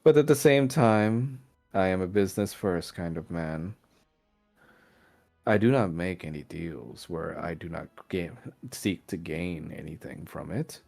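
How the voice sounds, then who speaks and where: A man's voice: deep voice, unhurried, creaky, darkish tone, soft background music, exaggerated voice. A man voicing a smug, scheming male archdevil with a silky, smirking delivery.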